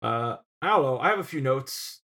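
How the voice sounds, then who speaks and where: A man's voice: medium pitch, expressive, moderate pace, a bit bright. A young man co-hosting a casual film podcast, telling rambling stories and laughing as he goes. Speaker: podcast co-host.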